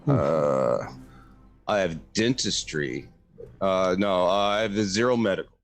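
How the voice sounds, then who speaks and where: A man's voice: deep voice, a little slow, soft background music. A man playing a tabletop role-playing game, casual and hesitant, repeating words as he decides. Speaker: player.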